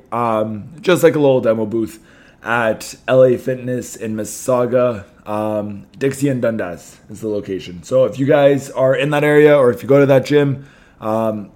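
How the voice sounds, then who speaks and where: Slightly hoarse man hosting a podcast. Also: medium pitch, darkish tone. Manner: chatty, many ums and restarts. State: losing his voice a little. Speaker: podcast host. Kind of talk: casual podcast talk.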